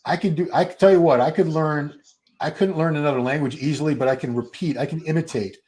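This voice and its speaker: A man's voice: fairly high pitch, steady tone, quick pace, a little mellow. A man in his fifties hosting a live watch party stream, chatting casually, restarting his sentences and talking to the chat. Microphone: streaming setup.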